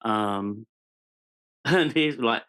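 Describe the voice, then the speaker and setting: An English man in his forties speaks as a podcast guest, recounting his own story in a candid, earnest way. His pitch sits in an ordinary middle range for a man. He hesitates often, restarting sentences and filling gaps with ums as he searches for words. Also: extremely slow, fairly bright tone, smooth. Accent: British English. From England. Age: 40s.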